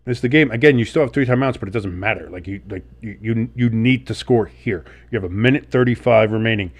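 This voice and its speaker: A man's voice: fairly low pitch, fast, few pauses. A man with a sick, sniffly voice doing play-by-play commentary and reactions, blunt and swearing freely, jumping up on big plays. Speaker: sports streamer.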